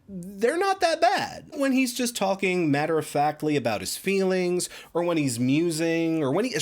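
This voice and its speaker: A man giving a casual, chatty album review with emphatic asides. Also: high-pitched. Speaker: music reviewer.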